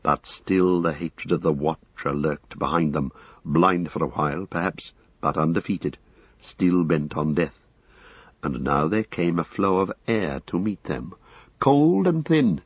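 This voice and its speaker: A man reading a fantasy novel aloud, measured and dramatic. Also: rumbling low, husky, no room sound. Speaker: audiobook narrator. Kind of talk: scripted fantasy narration. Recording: slightly dull dry recording.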